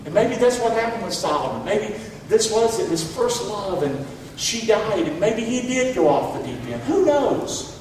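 A pastor's high, slightly mellow voice swings widely in pitch as he preaches at a moderate pace, calling for the congregation to echo his words. The church hall recording is distant and echoey, with a little hiss or hum.

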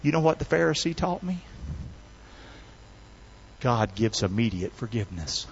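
A man pastor preaching an animated sermon, drawing the congregation into call-and-response. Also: medium pitch, moderate pace, creaky, a little hiss or hum. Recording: slightly dull lo-fi sound.

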